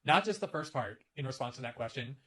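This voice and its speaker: A man's voice: mid-range voice, expressive, fast talker, sharp tone, husky. A man delivering an emphatic, sharply critical political commentary to camera. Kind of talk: scripted commentary video.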